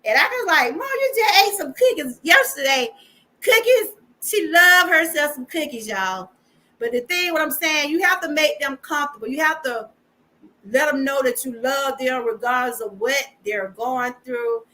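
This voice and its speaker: A woman's voice: sits high, normal speed, bright, forceful tone. A middle-aged woman with a Georgia Southern accent, hosting a casual live stream and chatting with viewers, calling them y'all.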